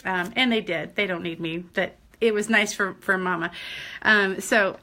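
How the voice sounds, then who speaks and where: A woman's voice: medium pitch, fairly even intonation, normal speed, sharp tone. An older woman with a Southern accent, hosting a crafting live stream in casual chat, laughing often and greeting her viewers by name.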